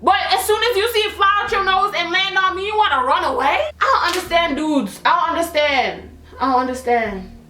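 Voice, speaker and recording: A young woman telling an animated, slangy storytime to her camera. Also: very high-pitched, fairly quick, echoey room, slight background noise. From Canada. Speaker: vlogger.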